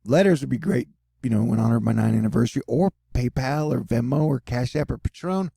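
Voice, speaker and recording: A man's voice: medium pitch, a little fast, creaky, dark tone, slightly rough, no echo, studio quality. A man hosting his own news video, talking in a laid-back, jokey way full of slangy asides. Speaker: solo news video host. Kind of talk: casual talking-head commentary.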